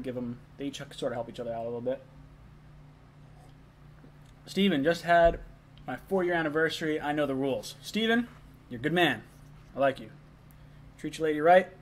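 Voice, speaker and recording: A man's voice: mid-range voice, slight background noise. Chatty young guy eating on a stream. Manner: loose, chatty, eating while talking. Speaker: live stream host. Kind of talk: casual live stream chat reading chat messages.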